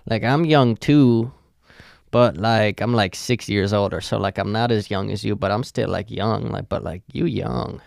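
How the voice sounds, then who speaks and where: A man's voice: fairly low pitch, a little slow, vocal fry, a little mellow, no room sound. A man quoting a flirty female store cashier who rambles with lots of fillers, in close to his own voice.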